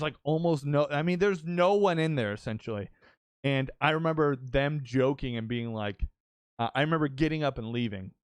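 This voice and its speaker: A young adult man hosting a podcast, telling an excitable, swear-heavy story in casual chat with many restarts. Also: medium pitch, clear, resonant tone, no room sound. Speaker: podcast host and streamer.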